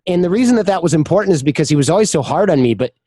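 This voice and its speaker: A man's voice: a little high, lively intonation, rapid-fire, warm tone, dry recording. A man as a podcast guest, chatting candidly in an interview and telling personal stories, often acting out the voices of the people in them. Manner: candid storyteller, acts out quoted voices. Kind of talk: casual interview chat.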